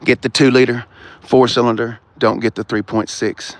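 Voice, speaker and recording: A man's voice: medium pitch, little pitch movement, normal speed, no echo. A middle-aged man, hosting a casual walk-around car review and ranting with blunt, profane opinions.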